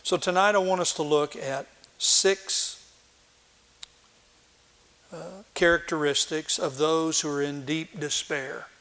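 A male pastor delivers a sermon at an unhurried pace. His voice sits a little high for a man. He moves between dramatic scripture reading and plain, conversational teaching. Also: steady tone, fairly bright tone. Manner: reads scripture slowly and dramatically, then speaks plainly with restarts.

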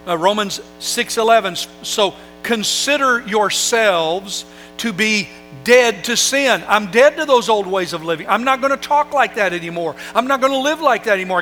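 A pastor preaching a sermon, building emphasis through rhetorical questions and scripture readings. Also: male voice, very high-pitched, sharp tone. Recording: long hall reverb with faint music. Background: faint music and mains hum.

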